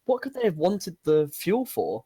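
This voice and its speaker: A man playing a tabletop game, making quick, playful in-character asides. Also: high voice, big pitch swings, mellow, breathy edge, no echo. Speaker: player. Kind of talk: tabletop role-play chat.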